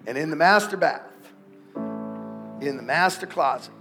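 A middle-aged male pastor preaching a sermon, telling a family story with animated delivery and building to shouted exhortation before a congregation. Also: on the high side, a little slow, music in the background. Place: church sanctuary before a congregation.

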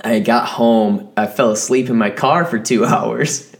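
A young man co-hosts a podcast in relaxed, profane chat. He tells stories with plenty of energy in a middle-pitched voice. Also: unhurried, vocal fry. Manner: animated storyteller, swears freely. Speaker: podcast co-host.

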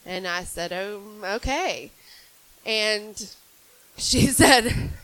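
A woman's voice: mid-range voice, lively intonation, drawn-out words, pauses often, fairly bright tone, low-quality recording. A woman, doing a dry, self-deprecating stand-up set on a club stage. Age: 20s. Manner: dry, self-deprecating storytelling with acted-out quotes. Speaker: stand-up comedian.

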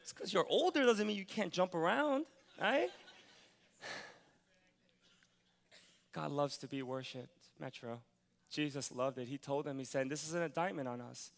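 A middle-aged man preaching a sermon as pastor, animated, moving from quiet, earnest passages to loud, excited ones. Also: a little high, slow, vocal fry, long pauses. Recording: long reverb of a large hall.

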